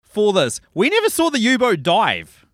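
A man's voice: sits high, moderate pace, no echo, studio quality. A man co-hosting a casual movie podcast, telling stories with lots of swearing and laughter. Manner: animated, swears freely, laughs through stories. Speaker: podcast co-host.

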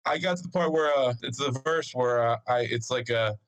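This podcast co-host has a mid-range voice and talks a little quickly, captured on a low-quality recording. Animated and profane, he spins a story in casual conversation, performing the things people said.

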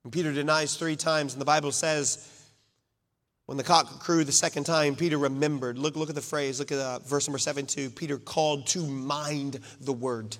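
High bright-voiced male preacher, reverberant hall. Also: steady tone, normal speed. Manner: dramatic swings from loud to hushed, acting out quotes. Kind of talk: sermon.

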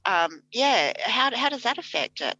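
A woman talks in a casual chat, her voice bright and forward. She tells stories with animation, acting out the lines people said. The sound is dull and lo-fi. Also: on the high side, a little slow. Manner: animated storytelling, acts out quoted lines.

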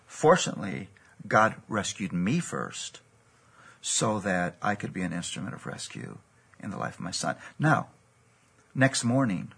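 Gravelly low-voiced man telling a sermon story. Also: fairly bright tone. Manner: gravelly, husky, earnest storytelling.

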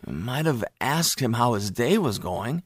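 A man's voice: mid-range voice, big pitch swings, a little slow, husky, dry recording, studio quality. A man voicing a tense male ex-Marine who gives hesitant, guarded answers under interrogation.

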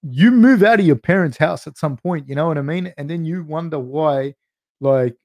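Casual Australian man, mellow voice. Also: a little high, animated, moderate pace, dry recording, studio quality. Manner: loose and chatty, swearing, calls listeners dude and man. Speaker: podcast host answering live chat questions. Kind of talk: casual live-stream Q&A.

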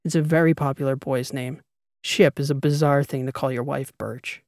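A man reading an audiobook voices a composed female spy handler in a measured, matter-of-fact way. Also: medium pitch, steady tone, darkish tone, dry recording, studio quality, natural voice. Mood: dry. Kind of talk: audiobook character voice.

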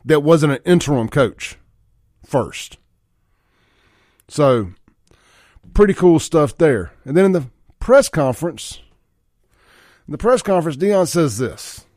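A man behind a studio mic, hosting sports talk radio. His voice sits a touch high for a man, and the sound is close and dry. He talks in a folksy, opinionated drawl and climbs in pitch when he gets fired up. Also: sing-song, slow, pauses often, darkish tone, no room sound. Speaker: radio talk show host. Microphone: studio microphone.

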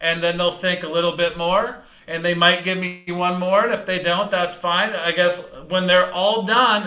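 A man giving a live sales training talk, fast-talking, energetic and emphatic. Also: high voice, reverberant, rough recording.

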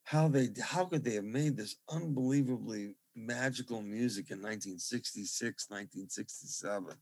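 A middle-aged man speaks through a video call at a middling pitch. He rambles and gushes with reverence, circling back to his point between fillers. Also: moderate pace, darkish tone, slightly rough. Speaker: musician guest. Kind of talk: casual interview chat.

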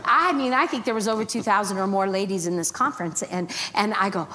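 A middle-aged woman preaching as a guest minister, telling stories lively and acting out her own thoughts. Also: medium pitch, quick pace. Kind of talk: storytelling sermon. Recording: long hall reverb, faint background noise.

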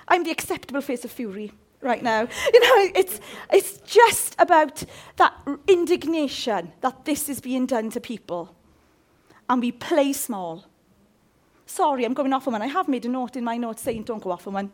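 Woman, fifties, sermon, high voice, swooping animated delivery. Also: moderate pace. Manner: impassioned, jokey, animated. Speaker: preacher.

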